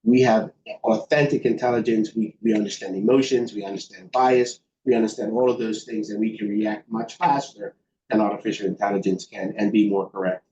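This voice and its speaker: Low-voiced man in a roomy, dull recording. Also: fairly even intonation, brisk, dark tone. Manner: thoughtful, many fillers and restarts. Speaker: guest expert. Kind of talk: interview answers. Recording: roomy, dull sound with faint background noise.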